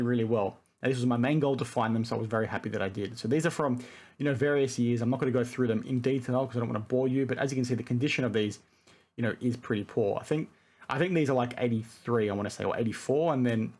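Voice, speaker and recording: An Australian man in his thirties chatting casually to camera at home, enthusiastic and rambling with lots of "you know" and "right?". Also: mid-range voice. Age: 30s. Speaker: vlogger and card collector. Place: home room full of collectibles.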